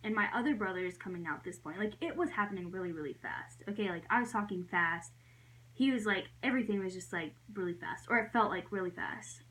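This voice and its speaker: A woman's voice: mid-range voice, quick pace, fairly bright tone, poor audio. A young adult woman telling a storytime vlog in a chatty way, full of "like" fillers, her voice jumping up when she acts out her own reactions. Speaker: vlogger.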